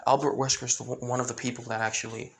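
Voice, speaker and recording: A man's voice: medium pitch, level tone, quick pace, slight background noise. A man casually narrating a fan-made story, rambling with frequent restarts and fillers.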